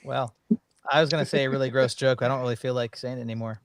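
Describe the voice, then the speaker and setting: A man's voice: medium pitch, steady tone, fast talker, clean tone. A man in a casual stream chat, teasing dryly and explaining patiently. His voice sounds close and dry, with no room echo.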